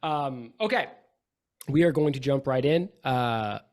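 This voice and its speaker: A man hosting a tabletop game podcast and running the game, upbeat and quick to laugh. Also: mid-range voice, a little mellow. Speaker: game master and host. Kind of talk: casual podcast chat.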